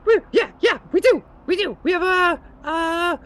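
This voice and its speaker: A game master voicing a terrified small male kobold who grovels, begs and stammers in a high squeaky voice. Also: a little slow, a bit bright. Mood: nervous.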